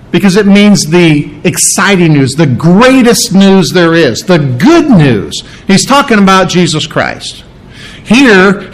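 Animated, high-voiced male preacher. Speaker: pastor. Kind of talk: sermon.

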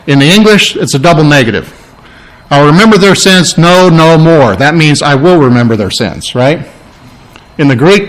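A man preaching a sermon, emphatic and repetitive, pausing to explain Greek words. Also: on the high side, poor audio. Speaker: pastor.

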